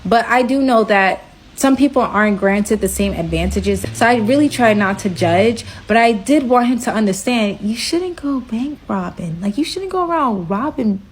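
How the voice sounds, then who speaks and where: Young woman, storytime vlogger, chatty and candid, voice leaps high when she vents. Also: normal speed, a little hiss or hum. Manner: candid and animated, jumping to high pitch for her own outbursts. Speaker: storytelling creator. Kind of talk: casual storytime vlog.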